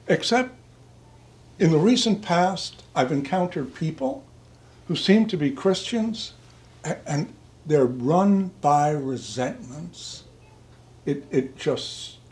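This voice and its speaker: An older man preaches in a loose, conversational style, slightly high in pitch. He drifts into asides and calls on his congregation by name, as if chatting with friends from the pulpit. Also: a little mellow. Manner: chatty, digressive, addresses listeners by name, chuckles. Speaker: priest. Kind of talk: conversational sermon. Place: church.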